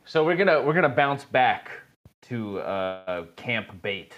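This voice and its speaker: A man's voice: medium pitch, very animated, slow, fairly bright tone, dull audio. A man narrating as game master of a tabletop game, loose and chatty with many fillers and easy laughs. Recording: casual podcast recording.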